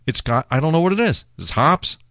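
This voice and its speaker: A man's voice: a little high, fairly quick, no echo, clean studio sound. A man hosting a food and beer show, chatting casually through a beer tasting with many filler words. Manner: chatty, relaxed, with frequent "uh" fillers.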